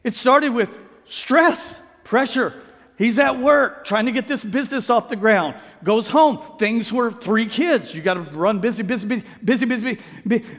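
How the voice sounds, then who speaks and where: A man preaching a sermon as pastor, telling stories with acted-out quotes and playful asides. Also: very high-pitched. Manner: animated storytelling, acts out quotes, playful asides. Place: church sanctuary. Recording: reverberant sanctuary sound.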